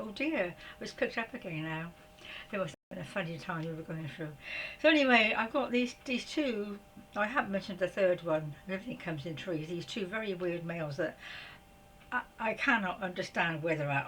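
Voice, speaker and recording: A woman's voice: lowish voice, a bit bright, a little hiss or hum, low-quality recording. Chatty older woman, laughing often. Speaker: vlogger. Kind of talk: casual spiritual vlog.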